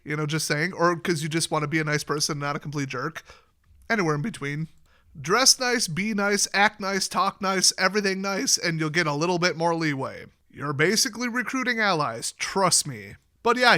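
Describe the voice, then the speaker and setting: Bright, chatty man rambling casino tips. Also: animated. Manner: rambling and chatty, acting out quoted dialogue with sudden high jumps; deliberately clear, well-spoken diction. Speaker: YouTube host giving casino advice. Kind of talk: casual advice monologue.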